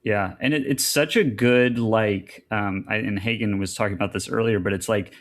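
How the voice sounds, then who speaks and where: A man's voice: fairly low pitch, moderate pace. A man co-hosting a podcast, chatting casually and thoughtfully, using lots of "like" and "um". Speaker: podcast co-host. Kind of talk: casual chat.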